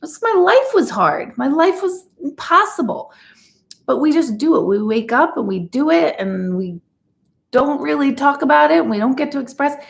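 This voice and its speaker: A woman's voice: high voice, lively intonation, moderate pace, gravelly. A woman in her forties, an intuitive reader, chatting candidly with her live audience and swearing freely. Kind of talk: casual livestream chat.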